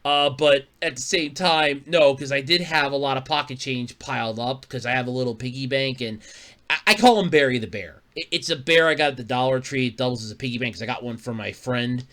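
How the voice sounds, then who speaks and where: A man chats loosely as host of his own podcast and drifts from one story to the next. His voice is bright and forward. He swears offhandedly and chuckles often. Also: medium pitch, fairly even intonation, brisk. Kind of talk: casual solo podcast chat.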